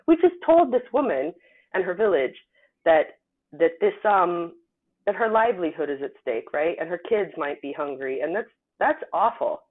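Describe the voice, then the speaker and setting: A woman scientist from the United States talking casually in an interview, telling stories with animated emphasis. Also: lowish voice, moderate pace. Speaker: guest scientist. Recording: tinny phone-like line.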